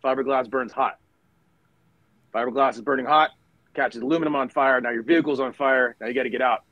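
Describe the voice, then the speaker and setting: A man's voice: medium pitch, steady tone, brisk, dry recording, lo-fi sound. A middle-aged man, a retired Marine officer, telling a battle story in casual conversation, full of fillers and restarts.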